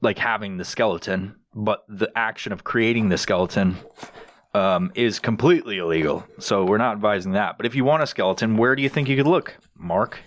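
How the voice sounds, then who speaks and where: A man's voice: fairly low pitch, a little fast. A man co-hosting a podcast in casual comedic chat, swearing often and joking around. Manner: profane, animated, jokey with silly put-on voices. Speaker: podcast co-host.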